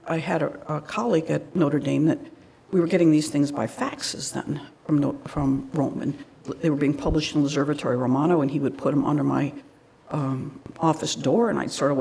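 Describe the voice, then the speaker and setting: Gravelly-voiced woman giving a lecture. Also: sits low, a little mellow. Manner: conversational storytelling with frequent asides. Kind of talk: public lecture.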